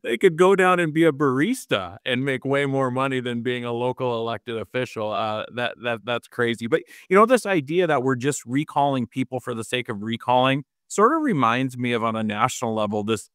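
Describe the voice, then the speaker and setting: Man, panelist, wry, opinionated, mid-pitched, dry. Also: animated, brisk, hardly any pauses, a bit bright, clear, resonant tone, no room sound. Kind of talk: casual discussion.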